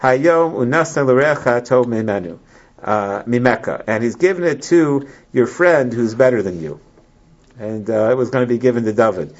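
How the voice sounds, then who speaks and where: A man teaching a Bible class to a small group. He reads verses aloud and explains them in a halting way, with many restarts. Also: medium pitch, animated. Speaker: Torah teacher. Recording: lo-fi, muffled recording.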